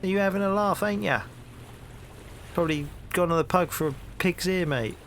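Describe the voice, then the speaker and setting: A man voicing a gruff, lazy male London street copper in a point-and-click game, talking in brash Cockney rhyming slang. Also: high-pitched, moderate pace, fairly bright tone, faint music behind, voice pushed up.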